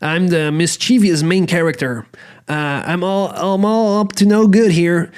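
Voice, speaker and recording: A mischievous cartoon main character, up to no good, as a man puts him on. The voice is pushed up high and strained, forced and hurried. It sounds a little off from a normal speaking voice. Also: smooth.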